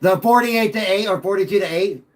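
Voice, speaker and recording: A middle-aged man hosting a casual sports talk show, animated and joking as he banters with callers. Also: sits high, brisk.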